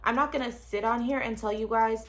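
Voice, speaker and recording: A woman's voice: on the high side, fairly even intonation, fairly quick. A young woman vlogging casually from her small studio apartment, talking frankly and directly to viewers and swearing now and then. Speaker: lifestyle vlogger. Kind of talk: casual self-help vlog talk.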